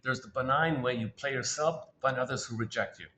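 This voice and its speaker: A man's voice: mid-range voice, a little fast, hardly any pauses, sharp tone, dull audio. Man rambling through a psychology talk. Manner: repetitive, restarts and self-corrections, thinking aloud. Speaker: speaker on psychoanalytic ideas.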